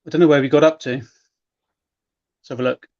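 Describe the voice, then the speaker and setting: A man's voice: on the high side, steady tone, normal speed, a little mellow. A man co-hosting a casual live stream, chatting and telling stories in an apologetic, easygoing way. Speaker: co-host. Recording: slightly dull lo-fi audio.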